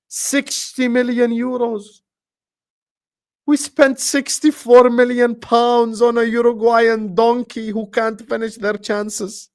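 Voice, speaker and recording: Exasperated man ranting on stream. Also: very high-pitched. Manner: exasperated, repetitive ranting with swearing. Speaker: football live-streamer. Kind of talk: live-stream rant.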